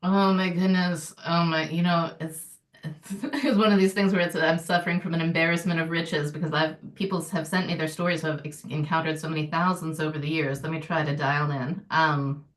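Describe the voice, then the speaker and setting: A woman author speaking as a guest in an interview, animated and playful, laughing easily. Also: low-pitched, a little fast, recorded from a distance. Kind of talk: casual conversational interview.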